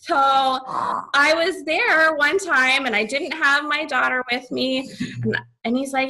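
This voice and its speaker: A woman's voice: sits high, takes it slowly, long pauses, bright, forceful tone, rough recording. A young woman telling a story as a podcast guest, bubbly and giggly, saying "like" a lot. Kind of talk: casual storytelling.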